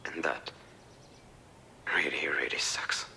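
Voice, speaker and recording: A man's voice: fairly low pitch, normal speed, pushed and bright, slight background noise. A man voicing a troubled middle-aged man in a video game, speaking in a strained, confessional way. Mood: wistful.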